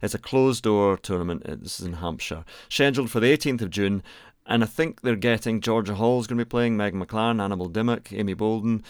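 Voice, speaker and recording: A man co-hosting a casual podcast chat, relaxed and given to chuckling as he talks. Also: on the low side, quick pace, few pauses, smooth, no room sound, clean studio sound. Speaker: podcast co-host.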